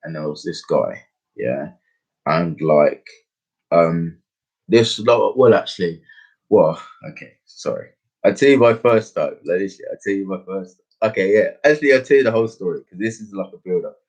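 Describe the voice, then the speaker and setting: A man's voice: low-pitched, lively intonation, normal speed, darkish tone. A young man telling a rambling personal story in casual slang, full of fillers and restarts. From England. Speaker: podcast host.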